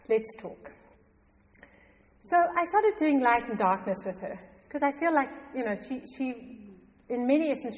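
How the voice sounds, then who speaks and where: A middle-aged woman telling a personal faith story to a congregation, animated and often laughing. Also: fairly high pitch. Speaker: church member giving testimony. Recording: long hall reverb.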